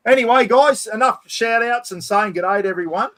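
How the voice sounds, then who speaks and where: Male host, casual and rambling, enthusiastic, slightly higher voice. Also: moderate pace, pushed and bright. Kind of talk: casual chat.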